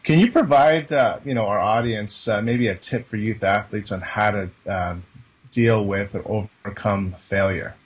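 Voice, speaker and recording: A man's voice: lowish voice, measured pace. A man hosting a coaching show, asking questions and affirming the guest's answers with many fillers. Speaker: show host and interviewer. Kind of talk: interview questions.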